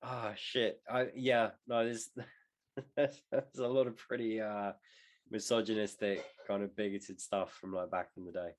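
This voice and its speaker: A man's voice: on the low side, little pitch movement, unhurried. A young man co-hosting a podcast in casual chat, rambling and swearing with jokey asides. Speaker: podcast co-host.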